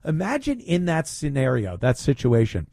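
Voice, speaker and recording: A man's voice: medium pitch, wildly swooping pitch, moderate pace, dark tone, no echo, studio quality. A man hosting talk radio, speaking in a mocking, opinionated way. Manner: mocking, puts on whiny voices to ridicule. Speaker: radio talk show host.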